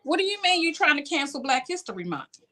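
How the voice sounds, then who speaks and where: A woman hosting a talk show, lively and quick to laugh, chatting casually with her guest. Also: high voice. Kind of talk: casual chat.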